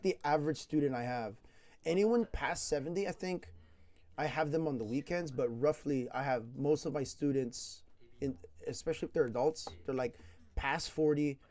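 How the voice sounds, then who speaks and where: A man from California who teaches English, telling stories casually in a slangy, laughing way. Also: mid-range voice. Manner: slangy, laughing, animated retelling. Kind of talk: casual storytelling.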